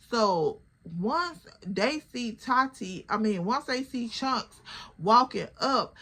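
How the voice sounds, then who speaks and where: A woman's voice: mid-range voice, takes it slowly. Chatty young woman with a Chicago accent. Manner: animated, chatty, addresses the listener as girl. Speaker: storyteller. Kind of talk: casual storytime vlog.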